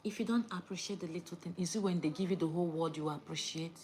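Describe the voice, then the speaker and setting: A young woman, lecturing viewers in a casual chat to camera and swinging between loud outbursts and hushed asides. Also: on the low side, fast talker, slight background noise. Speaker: vlogger.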